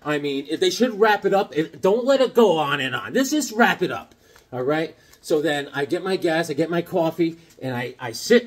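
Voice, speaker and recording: A man's voice: fairly high pitch, breathy edge. A middle-aged man vlogging about comic books in a rambling, casual way, often acting out the voices of people in his stories.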